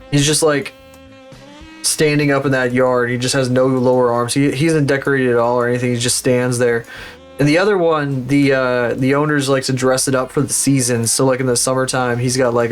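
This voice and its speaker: A man chatting casually on a livestream, rambling, swearing freely and laughing at his own stories. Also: medium pitch.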